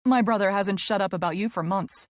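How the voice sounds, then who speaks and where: Woman doing a cheery late-twenties woman, bright and welcoming. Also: mid-range voice, fairly quick, no echo, studio quality, natural voice.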